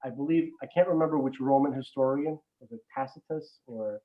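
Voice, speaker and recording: A man with a mid-range voice talks a little fast over phone-quality audio. He's a regular podcast guest in casual conversation, rambling, restarting often, and swearing now and then.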